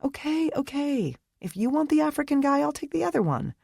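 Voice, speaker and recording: A bubbly, pushy young woman chatters in a bright, high voice, quick and impatient as a reader puts her on. The audiobook recording is dry and close, with no room around it. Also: big pitch swings, vocal fry, dry recording, exaggerated voice. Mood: eager. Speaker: shop employee. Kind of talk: audiobook character dialogue.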